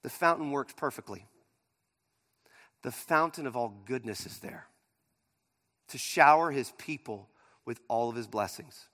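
A male pastor preaching a sermon, swinging between loud emphasis and near-quiet asides. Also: mid-range voice, lively intonation, unhurried, long pauses. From Pittsburgh area. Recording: long hall reverb.

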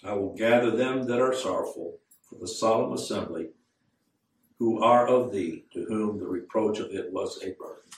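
In an echoey, church-like room, a man with a lowish voice delivers a sermon from a distance from the microphone. His earnest tone rises into fervent emphasis, and he slows considerably when reading scripture aloud.

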